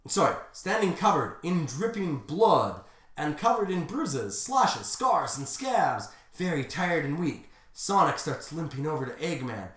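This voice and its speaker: Slow-talking woman streamer, echoey room. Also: sits low, sing-song. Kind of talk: reading fan fiction aloud. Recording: roomy echo.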